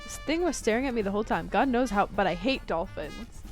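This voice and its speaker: A woman's voice: medium pitch, expressive, fairly quick, soft background music. A woman streaming a story game, reading the text aloud and chatting through her choices.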